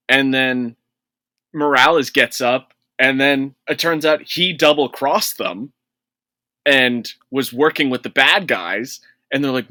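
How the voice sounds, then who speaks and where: A man's voice: medium pitch, slow, pushed and bright, dry recording. A man co-hosting a casual gaming podcast, ranting in an exasperated, profane way. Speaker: podcast co-host.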